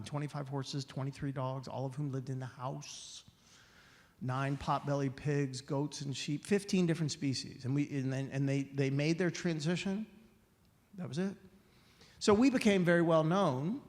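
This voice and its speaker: Man, guest speaker, sermon storytelling, animated, slightly high voice, echoey sanctuary. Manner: animated, voicing characters, frequent restarts. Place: spiritual center sanctuary. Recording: echoey hall.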